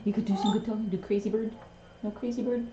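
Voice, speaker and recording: A woman's voice: mid-range voice, fast, reverberant. A woman talking in sing-song baby talk to her pet bird on a live stream. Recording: dull lo-fi with steady noise.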